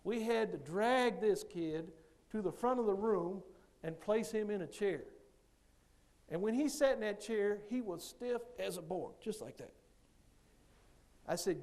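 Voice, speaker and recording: High-voiced animated male speaker. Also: a little slow. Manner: animated storyteller who acts out dialogue. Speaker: motivational speaker and coach. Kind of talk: motivational speech to teachers.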